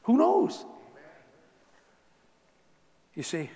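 Animated preacher man in a reverberant hall. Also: extremely high pitch, normal speed, vocal fry, very noisy. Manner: animated, shifts from soft asides to loud bursts. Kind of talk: sermon storytelling.

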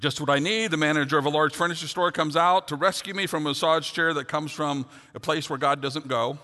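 A man's voice: a little high, fairly quick, sharp tone. A middle-aged man preaching a sermon, earnest and then telling a funny personal story. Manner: earnest, builds to humorous storytelling. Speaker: pastor. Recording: long hall reverb.

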